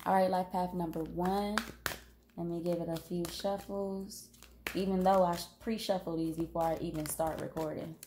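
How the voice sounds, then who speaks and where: A woman with a cold giving a casual tarot reading, talking unhurriedly with pauses and fillers. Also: fairly low pitch, fairly even intonation, mellow, a little hiss or hum. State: has a cold, sniffling. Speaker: tarot reader.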